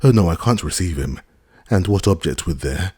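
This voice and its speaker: A man's voice: low-pitched, expressive, moderate pace, warm tone, slightly rough, no echo, clean studio sound, pitched above the performer's own voice. A man reading an audiobook, voicing an agitated young married woman who speaks hastily and pleadingly.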